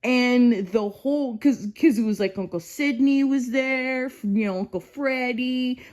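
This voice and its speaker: A woman's voice: fairly high pitch, a little slow, a little mellow. A woman in her fifties talking in a casual, rambling monologue, exasperated and full of "you know" asides. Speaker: vlogger.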